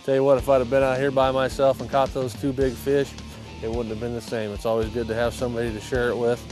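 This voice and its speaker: A man hosting a fishing show, teaching on a boat outdoors in a folksy way and bursting into excited exclamations. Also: mid-range voice, fast talker, over music. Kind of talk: outdoor fishing instruction and excited on-water chat.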